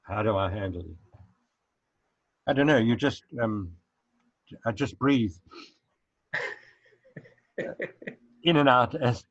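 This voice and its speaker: Over a lo-fi video call with dry, dull sound, a man who used to dance replies to interview questions in a relaxed way, pausing to find words and chuckling now and then. He has a medium pitch, lively intonation, and a fairly bright tone.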